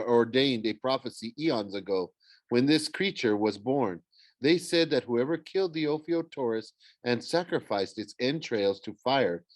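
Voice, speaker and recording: A man's voice: mid-range voice, dry recording, close to an everyday voice. A man voicing a solemn young huntress. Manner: formal, old-fashioned speech.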